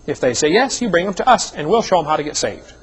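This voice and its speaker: Folksy husky male evangelist. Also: fairly high pitch, sing-song, fast talker, rough recording. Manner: folksy storytelling with joking asides. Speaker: evangelist speaker. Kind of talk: seminar sermon with personal stories.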